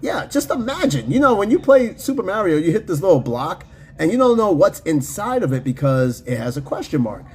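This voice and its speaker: A man's voice: high voice, very animated, a little fast, a little mellow, slightly rough. A man hosting a podcast in casual, slangy, profane chat, reading comments from his live chat. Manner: loose, slangy and profane, with frequent fillers and laughs. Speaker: podcast host.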